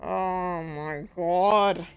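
A woman's voice: lowish voice, steady tone, extremely slow, lo-fi sound, faint music behind. A woman streamer commentating a horror game as she plays, swearing a lot and laughing at her own mistakes. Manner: swings between loud shouted outbursts and muttering. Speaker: gaming streamer. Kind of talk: let's-play commentary.

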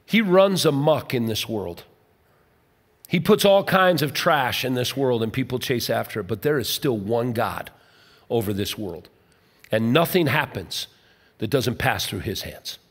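A man's voice: mid-range voice, animated, a little slow, husky. A man preaching a conversational, emphatic sermon as a pastor, acting out quoted voices. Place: large church hall. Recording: long hall reverb.

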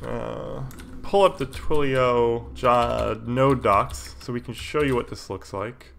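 A man with a cold talks through code on a live stream at a mid-range pitch. He explains step by step in a relaxed, easygoing way, with plenty of fillers along the way. Keyboard clicks sound behind him. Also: slow pace, gravelly, slight background noise. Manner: relaxed, explains while typing, many fillers. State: has a cold, coughing. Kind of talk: casual live coding tutorial.

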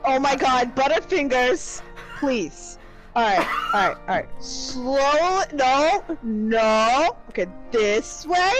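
Young woman yelling n swearing at a game, high voice that swings all over, kinda slow talker, game music behind. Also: expressive, low-quality recording. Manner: loud, swearing, laughing, exasperated outbursts. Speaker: gamer playing on stream. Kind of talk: casual let's-play reactions.

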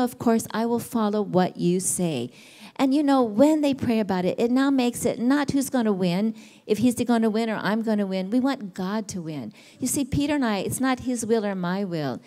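Filipina lady teaching a women's church class, chatty, keeps asking the room stuff. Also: fairly high pitch. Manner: warm, conversational, asks the audience questions.

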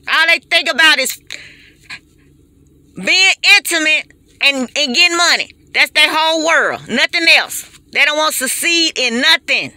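A woman's voice: high voice, expressive, a little slow, bright, forceful tone, no echo. A woman, giving an impassioned, preachy monologue straight to her phone. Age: 40s. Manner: preachy, emphatic and repetitive. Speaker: vlogger.

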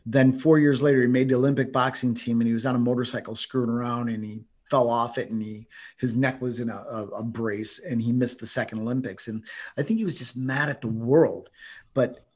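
A middle-aged man with a husky, slightly breathy voice. He talks in a casual, rambling way and tells his stories with plenty of animation. His pitch sits at an ordinary level for a man. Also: brisk. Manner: rambling storyteller, animated, laughs often. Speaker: martial arts instructor on a discussion panel. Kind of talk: casual chat.

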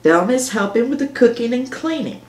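A woman's voice: on the high side, animated, moderate pace, voice pushed up, natural voice. A woman voicing a stern, fussy older mother who scolds and takes offence easily, read from a novel. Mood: scolding. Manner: stern, indignant. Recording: roomy echo.

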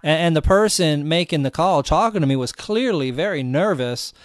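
Radio host guy asking questions, slightly high voice, dry mic. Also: lively intonation, normal speed, dry recording. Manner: questioning, conversational. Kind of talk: radio interview.

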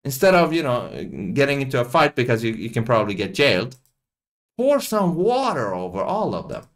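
A man's voice: medium pitch, big pitch swings, brisk. A man hosting a reaction video, commenting casually in a profane, mocking way and laughing often.

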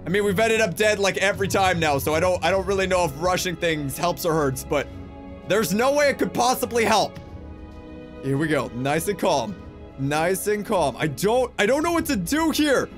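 A young man with a very high voice narrates his own gameplay, venting frustration and exclaiming as he goes. Soft music plays faintly behind him. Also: very animated, moderate pace. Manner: frustrated, exclaiming, rambling self-talk. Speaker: gaming YouTuber. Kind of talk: let's play commentary.

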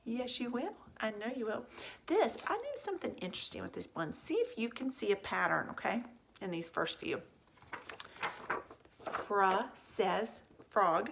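A woman teacher giving a phonics lesson to young children at home, sounding out letter blends slowly and asking encouraging questions. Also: on the high side, vocal fry, background noise.

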